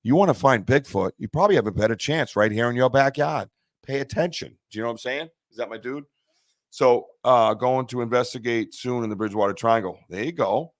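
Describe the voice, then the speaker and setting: A man hosting a live stream, in easy, casual banter. He sounds chatty and excitable, with a mid-pitched voice. The sound is dry and close, with no room echo. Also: a little fast. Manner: chatty and excitable, with loose restarts. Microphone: streaming setup mic.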